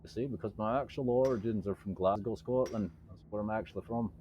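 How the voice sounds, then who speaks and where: A man's voice: fairly low pitch, fast, mellow, muffled recording, slight background noise. A man streaming a video game, chatting casually in a playful, jokey way. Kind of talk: casual gaming commentary.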